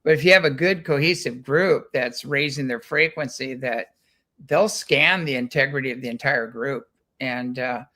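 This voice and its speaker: A man's voice: mid-range voice, moderate pace, pushed and bright. Rambling man telling stories. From United States. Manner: rambling, repeats words and acts out quotes. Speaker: guest, ranch founder. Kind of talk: casual chat, anecdotal storytelling.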